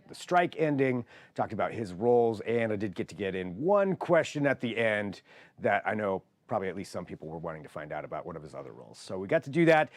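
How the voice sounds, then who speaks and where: A man's voice: on the low side, dry recording. A man, a local TV reporter, introducing and conducting an interview in a friendly, chatty way.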